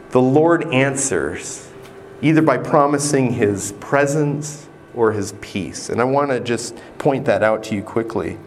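A man preaching a sermon in a slow, deliberate way, pausing often and repeating words for emphasis. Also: mid-range voice, slight background noise. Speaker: pastor.

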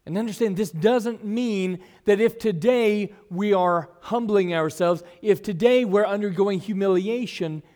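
Middle-aged pastor, high tenor, earnest sermon delivery with big shifts in loudness. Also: male voice. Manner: earnest, varies loudness widely, drops to soft asides.

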